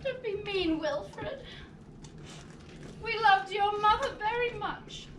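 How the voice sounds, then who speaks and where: A woman playing a fretful soft-hearted aunt. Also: very high-pitched, unhurried. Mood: placating. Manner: fussy, placating. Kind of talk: stage play acting. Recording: live stage audio from a distant mic, roomy, loud noise.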